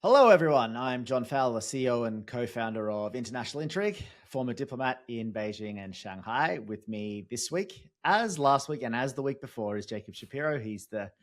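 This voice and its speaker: A man's voice: medium pitch, lively intonation, brisk, few pauses. A man with an Australian accent, hosting a casual podcast chat with upbeat, chatty introductions. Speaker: host.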